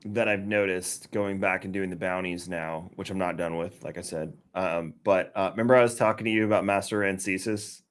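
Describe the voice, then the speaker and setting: A man co-hosting a casual gaming podcast, talking in a relaxed, conversational way. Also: sits low, brisk, hardly any pauses. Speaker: podcast co-host.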